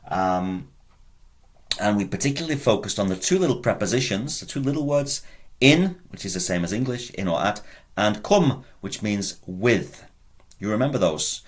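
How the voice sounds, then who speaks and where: A man's voice: on the low side, fairly bright tone. A man teaching a Latin video lesson, patiently repeating words and quizzing the learner.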